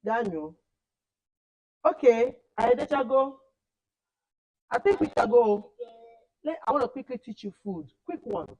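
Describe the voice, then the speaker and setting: A woman leads a children's camp lesson, her voice a touch high and full of lively swings. She drills words by repeating them over and over, calling out and quizzing the class. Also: measured pace, long pauses, low-quality recording. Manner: animated, repeats words for emphasis. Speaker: camp teacher.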